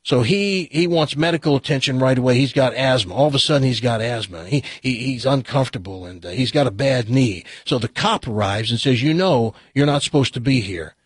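A man's voice: mid-range voice, brisk, hardly any pauses, husky, no room sound, clean studio sound. A man hosting a talk radio show, telling stories and a joke while acting out the voices. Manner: animated storyteller, acts out the joke's voices.

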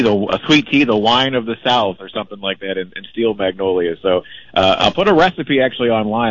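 An upbeat man phoning into a radio show as its traveling correspondent, telling a rambling story. His voice is mid-pitched and dry. The sound is a bit dull and lo-fi. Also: a bit bright, dry recording. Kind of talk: call-in radio segment.

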